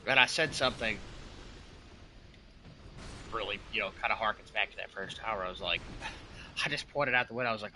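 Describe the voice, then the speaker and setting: A man's voice: on the low side, moderate pace, long pauses, sharp tone, slight background noise. A young man streaming a game and chatting casually, telling a long story in an emphatic, profane way. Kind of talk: casual rambling chat.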